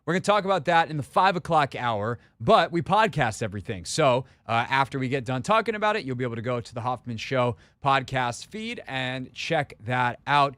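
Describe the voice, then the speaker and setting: A man's voice: medium pitch, fairly bright tone, dry recording. A man hosting a sports talk radio show, chatty and opinionated, often cutting in, speaking into a studio microphone. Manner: chatty, opinionated, quick to interject.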